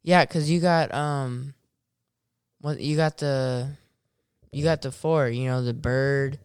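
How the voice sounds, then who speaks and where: A man's voice: medium pitch, fairly even intonation, slow pace, smooth, dry recording, clean studio sound. A man in casual conversation about video games who hesitates and searches for his words. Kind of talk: casual gaming chat.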